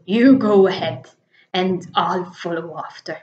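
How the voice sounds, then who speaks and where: A woman voicing a huge, slow-witted male monster in a storybook reading, with a lower, gruff voice. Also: darkish tone. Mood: jolly. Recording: echoey dull lo-fi room.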